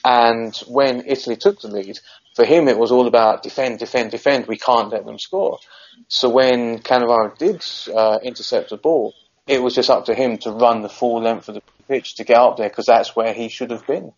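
A man's voice: mid-range voice, normal speed, highs cut off. A man co-hosting a podcast, telling a long rambling football anecdote in casual chat. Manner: rambling storyteller, many restarts. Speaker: podcast co-host.

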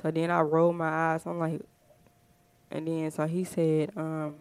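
Woman podcast host, lower-pitched, chatty and rambling, smooth voice, dry close sound. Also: monotone, measured pace, a little mellow, no room sound. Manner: chatty, rambling, lots of fillers. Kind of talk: casual storytelling.

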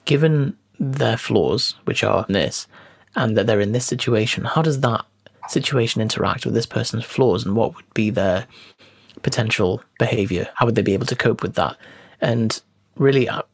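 Gravelly, husky man. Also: medium pitch. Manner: measured, explanatory. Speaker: podcast co-host, fitness business coach. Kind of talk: casual chat.

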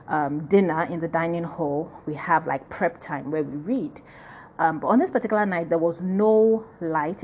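A woman's voice: deep voice, slight background noise. A woman with a Nigerian accent casually telling a personal story, chatty and full of "you know" and "like".

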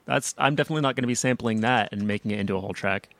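A man's voice: medium pitch, rapid-fire, fairly bright tone, no echo. A young American man hosting a podcast, chatting casually and rambling with lots of fillers and restarts. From United States. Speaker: podcast host. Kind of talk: casual chat.

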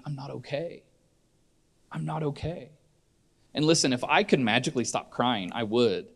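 A middle-aged man preaching a sermon in church, earnest and conversational, often restarting his sentences. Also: mid-range voice. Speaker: pastor.

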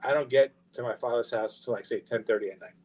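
A middle-aged man tells a personal story in a casual interview. He swears freely and acts out the other people's lines, and his voice sits at a medium pitch. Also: quick pace, rough recording. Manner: profane, animated anecdote-telling with quoted dialogue. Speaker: guest, record label founder.

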